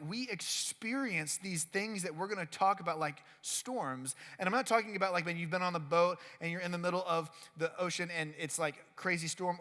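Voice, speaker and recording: A high, bright-toned man gives a casual youth sermon, chatty and full of "like". His voice rings with the long reverb of a worship hall. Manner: chatty, leans heavily on "like", acts out quotes. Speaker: youth pastor. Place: worship center.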